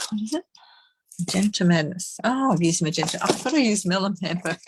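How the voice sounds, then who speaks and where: This lowish female voice comes through poor audio with a bit of hiss or hum. During a live card-making demo she's chatty and giggly, laughing as she goes and murmuring to herself while she works.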